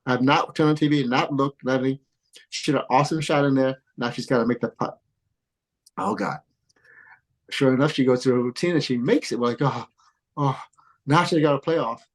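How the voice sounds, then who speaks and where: A middle-aged man, a golf coach, telling animated stories in a podcast interview, laughing often and acting out what people said. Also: mid-range voice, a little fast, long pauses, rough recording. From came to the U.S. as a kid. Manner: excitable, laughs often, acts out quoted dialogue. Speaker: golf coach and father of a pro golfer.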